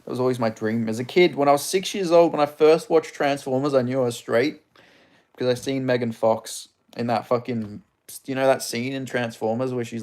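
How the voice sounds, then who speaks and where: A man's voice: medium pitch, a little mellow. A young Australian man hosting a casual livestream, reading chat questions aloud and answering in a crude, joking, rambling way.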